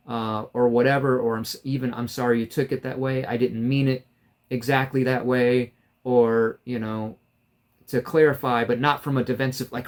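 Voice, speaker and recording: A man vlogging straight to camera, recounting a falling-out with a steady, mid-pitched voice. He sounds aggrieved and rambles, stumbling over restarts and fillers as he lays out his grievances. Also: normal speed. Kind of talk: casual storytelling to camera.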